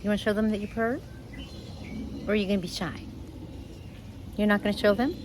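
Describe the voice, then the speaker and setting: A middle-aged woman vlogging casually about her parrot, chatty and animated, sometimes talking to the bird. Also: medium pitch, fairly quick, noisy background. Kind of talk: casual storytelling vlog. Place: screened patio outdoors.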